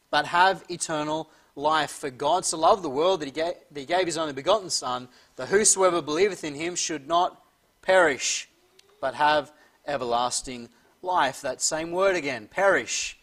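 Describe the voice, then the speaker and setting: A man preaching a sermon who reads scripture slowly and emphatically and often clears his throat. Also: on the high side, a bit bright. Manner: slow, emphatic reading of scripture.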